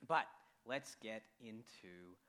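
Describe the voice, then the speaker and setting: A young Australian man preaching a church sermon as an intern, jokey and animated, with sudden quiet drops. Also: lowish voice, takes it slowly.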